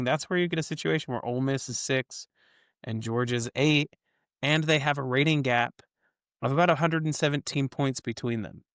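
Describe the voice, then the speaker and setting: Guy co-hosting a football podcast, middle pitch, explains his numbers point by point, dry close mic. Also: a bit bright, smooth, no room sound. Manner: explains the model's logic at length, builds points step by step. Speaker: co-host of a college football ratings show. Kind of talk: casual podcast chat.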